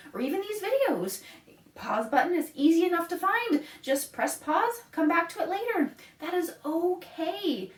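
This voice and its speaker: High lively woman reading to little kids, echoey room, kinda far off mic. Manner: bright, sing-song, laughs often. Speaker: children's librarian. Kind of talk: storytime reading and songs for children. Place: library room.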